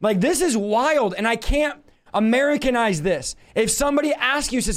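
A man teaching a Bible study in an animated, emphatic way. He repeats phrases for stress and jokes with his viewers. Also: very high-pitched, normal speed.

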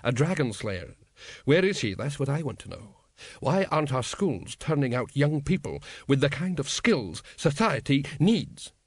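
A man voicing an indignant assassin guild leader who grumbles slowly. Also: medium pitch, sing-song, dry recording. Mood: grumbling. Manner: slow and grumbling.

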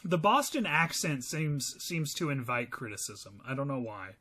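A man's voice: medium pitch, very animated, normal speed, sharp tone, slight background noise. A man co-hosting a podcast in casual chat, sarcastic and laughing often. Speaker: podcast co-host.

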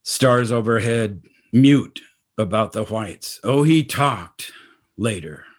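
Slow, terse male storyteller. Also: on the low side, lively intonation, breathy edge. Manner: terse, fragmented, poetic phrasing. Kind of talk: slow spoken-word narration.

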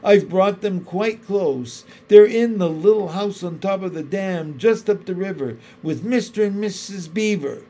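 A man's voice: sits high, unhurried, few pauses, warm tone, pitched above the performer's own voice. A man voicing a frightened young boy who trembles and stammers as he speaks. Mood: pleading.

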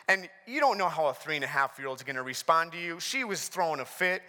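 A man preaching to a congregation, telling stories with lively, self-deprecating humor. His voice sits high and very bright, ringing with the long reverb of a large hall. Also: fast talker, hardly any pauses. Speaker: pastor. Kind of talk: sermon.

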